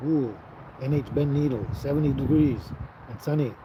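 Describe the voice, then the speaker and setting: A man's voice: mid-range voice, normal speed, highs cut off. A man hosting a casual livestream, reading and answering viewer chat in an easygoing way, often chuckling and trailing off with fillers. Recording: outdoor livestream with noticeable traffic noise.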